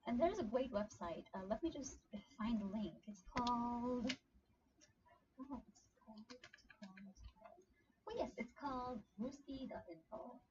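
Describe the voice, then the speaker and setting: A chatty woman talks through a beginner lesson in a loose, rambling way. Her voice sits at an ordinary pitch but comes through dull and lo-fi. A steady hiss of noise runs behind her. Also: unhurried. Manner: chatty, rambling with many fillers. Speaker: language tutor. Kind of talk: casual screen-share study session. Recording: dull lo-fi sound with clear background noise.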